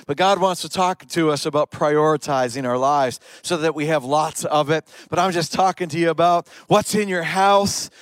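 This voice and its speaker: A man's voice: sits high, clear, resonant tone, no echo. A man preaching a sermon, retelling stories and pressing his points with rising emphatic questions. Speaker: pastor.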